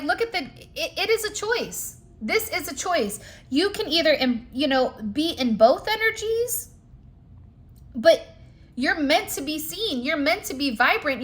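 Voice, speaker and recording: Speaking directly to camera, a spiritual card reader with a high, bright voice gives her viewers a reading. She's chatty and emphatic, sprinkling in casual fillers like "like" and "you know," and keeps a conversational, encouraging tone throughout.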